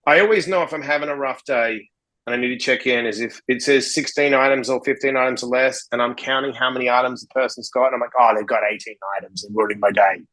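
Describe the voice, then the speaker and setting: A man's voice: mid-range voice, fairly even intonation, fast, pushed and bright, low-quality recording. A man from Australia, a podcast guest, telling stories bluntly and swearing freely as he acts out conversations. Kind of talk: casual interview storytelling.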